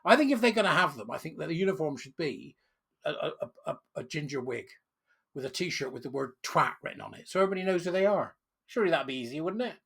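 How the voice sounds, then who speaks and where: A man's voice: on the high side, expressive, fast talker, vocal fry, fairly bright tone, breathy edge. A man giving sarcastic, indignant solo commentary, full of rhetorical questions. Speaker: political commentary host.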